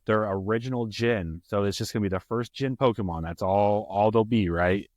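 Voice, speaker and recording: Chill low guy podcast host, animated, quotes movie lines, dry sound. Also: moderate pace, dry recording. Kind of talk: casual chat.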